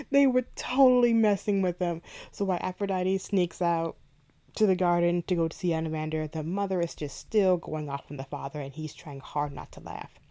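A woman's voice: on the low side, moderate pace. A woman hosting a book review podcast, chatting animatedly as she retells a favorite scene and reads ad copy. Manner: chatty, animated retelling with playful quoted asides. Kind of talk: casual book review with ad read and read-aloud passage.

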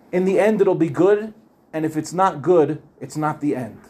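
A man's voice: high voice, warm tone. A man teaching a Torah class, telling the story earnestly and repeating phrases for emphasis.

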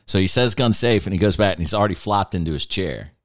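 Speaking quickly in a low voice, this podcast host tells energetic stories on his casual talk show and acts out each character's voice. The sound is dry and studio-clean.

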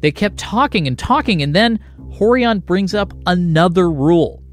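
A man's voice: high-pitched, animated, moderate pace, faint music behind. A man reporting and narrating a documentary podcast in a scripted, storytelling delivery.

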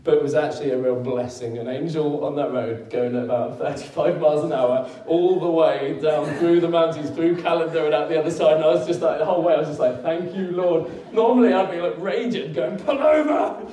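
A man delivers a sermon in a relaxed, storytelling way, with frequent laughs and emphatic peaks. His tone is mellow and warm. He is miked from some distance in a roomy church hall that echoes. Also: a little high, a little fast, few pauses. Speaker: preacher. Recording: echoey room, mic at a distance.

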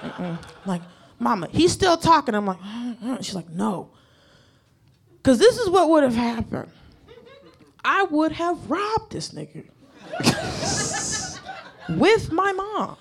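High-voiced woman telling a profane stand-up story. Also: huge pitch swings, slow, vocal fry, pauses often. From United States. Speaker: stand-up comedian. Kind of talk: stand-up comedy set.

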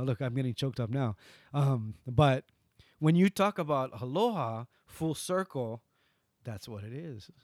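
A man with a Hawaiian accent, a guest in an interview, who tells stories animatedly and swings from loud bursts to soft asides. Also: medium pitch, no echo, studio quality. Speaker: guest entertainer. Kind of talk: storytelling interview.

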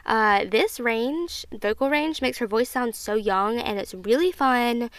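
A woman's voice: fairly high pitch, unhurried, a bit bright, no room sound. A woman in her twenties hosting a casual podcast review, chatty and gushing, full of fillers, emotional at times. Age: 20s. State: emotional, near tears at times. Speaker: podcast host.

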